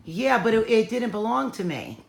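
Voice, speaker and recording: A woman co-hosting an online sale, telling animated stories with a lot of laughter. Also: fairly high pitch, moderate pace, creaky. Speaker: co-host selling magical items. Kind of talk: casual storytelling chat. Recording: echoey room.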